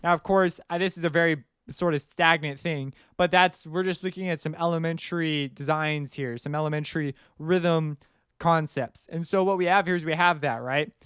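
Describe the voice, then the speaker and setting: A man's voice: fairly high pitch, fairly even intonation, normal speed, a bit bright, smooth, no echo, clean studio sound. A man teaching music production in a casual, rambling way, often singing rhythms aloud as he explains. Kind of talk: screen-recorded tutorial explanation.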